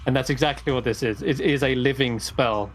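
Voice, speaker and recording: A man's voice: mid-range voice, a little fast, faint music behind. Easygoing male dungeon master. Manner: relaxed, rambling narration with fillers. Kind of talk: narrating a tabletop game.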